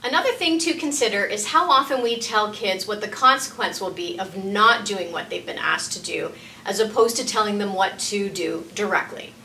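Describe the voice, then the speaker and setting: A woman facilitator giving scripted parenting advice in a calm, encouraging way, a parent herself. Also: mid-range voice, echoey room, far from the mic, slight background noise, poor audio. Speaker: early years parenting facilitator. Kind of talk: scripted parenting tips talk.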